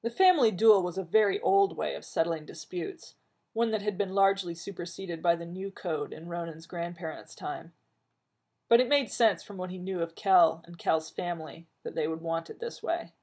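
A woman narrating a story aloud in a steady, even reading. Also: fairly low pitch, moderate pace, slightly rough. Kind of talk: audiobook narration of fan fiction.

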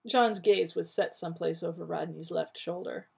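A woman reading a story aloud in an expressive way, with a creaky, husky voice. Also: on the low side, moderate pace. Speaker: reader.

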